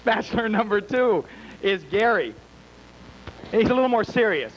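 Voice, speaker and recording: High-voiced, wisecracking male emcee. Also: animated, normal speed, dull audio, slight background noise. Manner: teasing, wisecracking. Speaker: game show emcee. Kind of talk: campy live emceeing. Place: small bar with a live audience.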